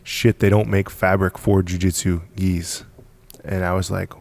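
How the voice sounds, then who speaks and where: A man's voice: sits low, level tone, measured pace, gravelly, darkish tone, no echo. A man telling a guest's story about starting his business, emphatic and repetitive, with frequent laughs. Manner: emphatic, repeats words, laughs often. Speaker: podcast guest, business founder. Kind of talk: casual storytelling.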